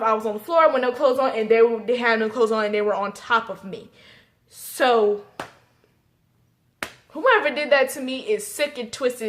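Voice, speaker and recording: A young woman vlogging a personal story, emotional and halting, tearful and repeating herself. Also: on the high side, fairly bright tone. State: tearful, crying at times.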